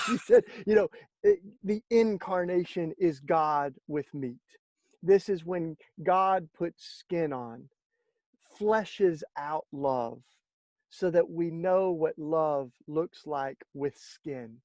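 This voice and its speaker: A man, a guest in an interview, telling stories in a lively conversational way and acting out the voices of the people he quotes. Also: fairly high pitch, slow, no room sound. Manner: animated storyteller, acts out quoted speech. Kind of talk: conversational storytelling.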